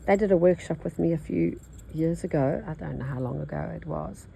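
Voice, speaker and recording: A nasal older woman with an Australian accent chats as she works on her embroidery, thinking aloud and drifting between topics. Her voice sits low and warm, with a gravelly edge. A faint hiss runs under it. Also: fairly quick, low-quality recording. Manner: rambling, chatty, thinks aloud. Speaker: embroidery teacher. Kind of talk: casual chat while stitching.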